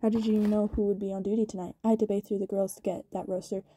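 A woman's voice: medium pitch, little pitch movement, fast, mellow, breathy edge, natural voice. A woman voicing a boastful, blustering male rival gang boss in a storybook reading.

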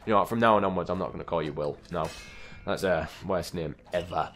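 Young man, lowish voice, chatty gameplay commentary, grumbles at the game, light background hiss. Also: quick pace, a bit bright. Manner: chatty, easily exasperated, talks to game characters. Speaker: gaming channel host. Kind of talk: casual let's-play commentary.

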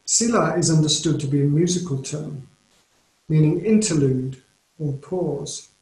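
An English man delivers a sermon with earnest, measured emphasis, his voice sitting a little high for a man. The room around him gives a noticeable echo. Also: darkish tone. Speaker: preacher. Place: church or home, recorded for online service. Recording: roomy echo.

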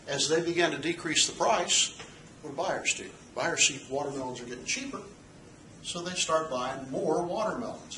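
Male economics teacher, bright voice, quizzing style, distant echoey room recording with faint noise. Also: a little high. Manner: asks the class rhetorical questions; checks in with "okay?". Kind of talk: recorded lecture.

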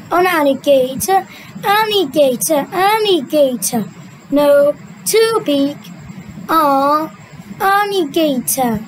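A young adult woman, a native Vietnamese speaker, reading a children's cartoon story aloud in a sing-song, drawn-out way and switching between character voices. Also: high voice, expressive, slight background noise, rough recording. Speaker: storyteller voicing a cartoon retelling.

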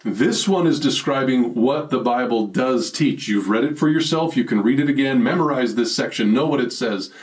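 A man preaching a sermon, speaking earnestly to his listeners and slowing down with a rising voice to stress key phrases. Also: medium pitch, low-quality recording. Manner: addresses listeners directly, challenging them.

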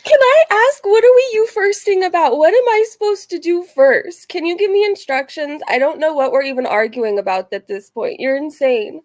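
A woman on a live stream answers critics with sarcasm and thanks her viewers. Her voice is noticeably high. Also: sing-song, moderate pace, few pauses, darkish tone. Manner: mocking, sarcastic replies. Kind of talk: casual live-stream chat.

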